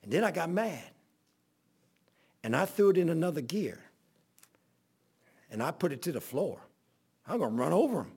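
A middle-aged pastor preaching to his congregation through a long, rambling personal story. His voice is gravelly and a little husky, sitting somewhat high for a man. He talks in a plain, folksy way, with loose asides as the story goes along. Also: big pitch swings, moderate pace, long pauses, a little mellow. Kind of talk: sermon storytelling.

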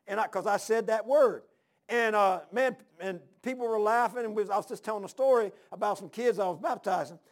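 A man's voice: sits high, fairly quick. A man preaching a folksy, storytelling sermon, repeating his phrases. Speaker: pastor.

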